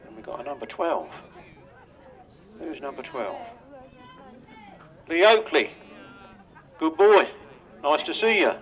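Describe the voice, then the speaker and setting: Over a loudspeaker at an outdoor racetrack, an older English announcer introduces riders and gives live grasstrack commentary into a PA mic, speaking slowly with frequent pauses in a fairly high, very animated voice. Chatty and joking, he banters with the riders; the lo-fi recording sounds dull.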